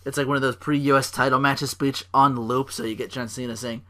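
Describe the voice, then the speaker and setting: A man hosting a casual podcast, recapping wrestling shows and acting out the wrestlers' lines in raised, louder voices. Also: mid-range voice, fairly even intonation, a little fast, hardly any pauses. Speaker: podcast host.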